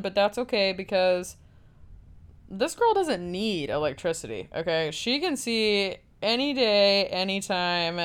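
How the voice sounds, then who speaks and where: A young woman tells a film's story in a loose, chatty way, peppering her sentences with fillers and the occasional curse. Her voice is smooth and clear, sitting at an ordinary pitch for a woman. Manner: casual, filler-heavy storytelling with frequent "like" and swearing. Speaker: film recapper. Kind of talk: casual film recap.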